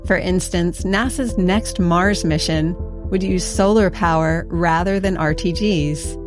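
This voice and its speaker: A woman host giving measured, scripted narration for a science podcast. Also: fairly low pitch. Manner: measured, explanatory. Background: music bed.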